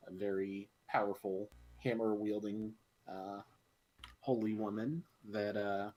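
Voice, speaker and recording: Low-voiced man recapping with halting fillers. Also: darkish tone, low-quality recording. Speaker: player. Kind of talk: casual session recap.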